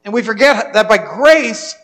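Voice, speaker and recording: A man's voice: high-pitched, animated, measured pace, fairly bright tone, rough recording. A male pastor preaching a sermon in an earnest way, often repeating words as he restarts a phrase.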